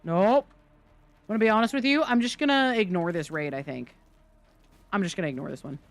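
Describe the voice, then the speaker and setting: A woman's voice: mid-range voice, sing-song, a little fast, no echo. A woman streaming live gameplay, chatting and joking with her viewers as she plays. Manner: chatty, jokey, talks to chat. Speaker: game streamer.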